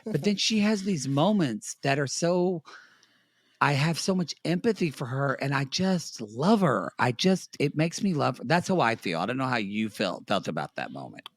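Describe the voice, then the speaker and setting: A man from Oklahoma hosts a casual podcast chat at a middle pitch. His voice rises and falls a great deal, and he talks in rambling bursts that keep breaking off mid-thought. The sound is dry and close. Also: normal speed, no room sound. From Oklahoma, United States. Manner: animated, rambling, self-interrupting. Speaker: podcast host.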